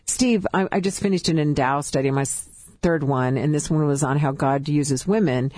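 A woman's voice: low-pitched, a little mellow, no room sound. A woman from California tells her personal story as a guest on a talk show. She speaks with emotion, stops often and starts her sentences again. The sound is dry and close, with no room around it. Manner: emotional, halting, with restarts. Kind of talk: personal testimony.

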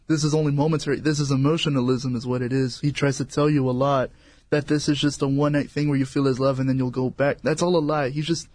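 A man's voice: medium pitch, a little mellow, no room sound. Guy on a christian show, earnest and encouraging, dry mic. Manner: earnest, encouraging, repeats words. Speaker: guest. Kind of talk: faith testimony talk.

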